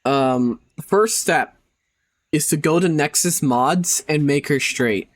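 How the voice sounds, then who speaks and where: A man's voice: fairly high pitch, slow pace, no echo. A man live-streaming who chats casually with his audience, making crude jokes, laughing often and rambling.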